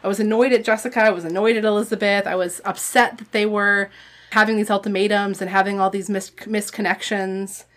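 A woman's voice: medium pitch, fairly even intonation, brisk, a bit bright. A woman in casual book discussion, rambling and hesitant, full of "like" and "I don't know". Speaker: book podcast co-host.

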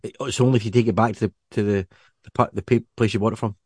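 A man's voice: fairly low pitch, fairly even intonation, very fast, darkish tone, a little hiss or hum. A man with a Scottish accent co-hosting a podcast, chatting casually and rambling with many restarts. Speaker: podcast co-host. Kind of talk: casual chat.

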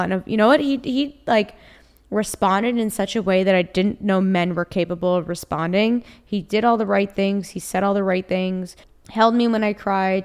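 A woman's voice: mid-range voice, clear, resonant tone. A young woman hosts her own podcast alone and talks straight to her listeners. She is blunt and confiding, often emotional, and swears freely as she speaks. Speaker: podcast host. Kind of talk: candid solo podcast monologue.

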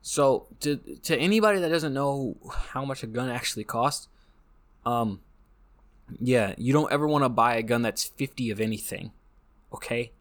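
A man's voice: mid-range voice, moderate pace, a bit bright. Rambling joking American man. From United States. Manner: rambling, joking, with frequent restarts. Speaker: podcast host. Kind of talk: casual monologue.

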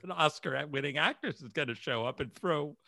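A man's voice: on the high side, fairly quick, creaky, sharp tone, dry recording, clean studio sound. A man co-hosting a casual chat show, telling a story and laughing often. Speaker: podcast co-host.

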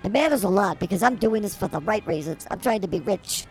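A woman's voice: medium pitch, expressive, fast talker, slightly rough, soft background music. A woman co-hosting a comedy podcast, teasing and rambling through improvised banter. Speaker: podcast co-host.

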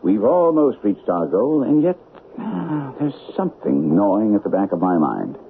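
A shrewd, composed detective with a very deep voice that rises and falls expressively. He talks in a measured, dry way, reasoning aloud. It sounds like a scratchy, thin old radio broadcast with a faint hiss. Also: sing-song, narrow, tinny audio. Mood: reflective. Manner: measured, thoughtful, dry wit. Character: shrewd, composed male detective, calm and deliberate. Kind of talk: 1940s radio acting.

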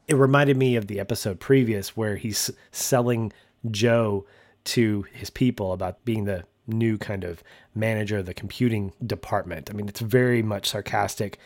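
A man hosting a podcast, recapping a TV episode in a relaxed, chatty way. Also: fairly low pitch, normal speed. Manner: relaxed, laughs often, acts out quotes. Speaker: podcast host. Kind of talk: casual TV recap chat.

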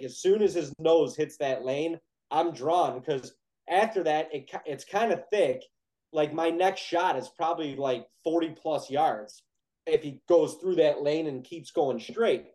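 A young man telling a casual, animated story on a podcast, peppering his talk with "like". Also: fairly high pitch, measured pace, low-quality recording. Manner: animated, heavy use of "like", excited retelling.

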